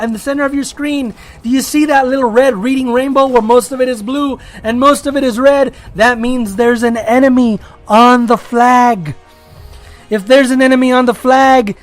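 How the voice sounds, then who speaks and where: A man's voice: very high-pitched, fairly bright tone. A man giving casual gameplay commentary, rambling and joking as he restarts his sentences. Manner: rambling, self-interrupting, jokey. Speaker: gaming video creator.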